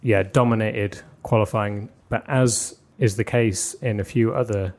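Guy, lowish voice, rambling explainer with lots of uhs. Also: steady tone, measured pace, a little mellow. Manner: explains at length with many "uh"s. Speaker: podcast co-host. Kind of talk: casual podcast chat.

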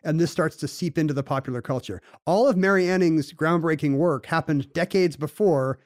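A man co-hosts a podcast with a slightly high, fairly quick voice, recorded dry with clean studio sound. In casual chat he rambles and explains at length, full of "you know" fillers and restarts.

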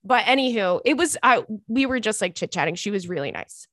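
Animated New woman telling a story. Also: medium pitch, a little fast, dry recording. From Long Island, New York. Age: 30s. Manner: animated, acts out voices in anecdotes. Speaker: podcast host. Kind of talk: casual storytelling.

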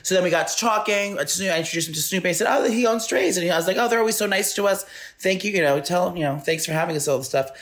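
A man's voice: sits high, very fast. Male co-host, casual storyteller, loose and rambling, lots of restarts. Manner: rambling, animated anecdote with frequent restarts. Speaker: podcast co-host.

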